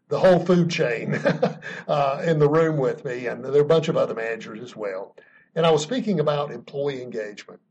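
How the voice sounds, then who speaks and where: A man's voice: mid-range voice, darkish tone, slightly rough, muffled recording. A man telling a story in an earnest, emphatic way, chuckling now and then, as a guest being interviewed about leadership. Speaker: podcast guest speaking on leadership.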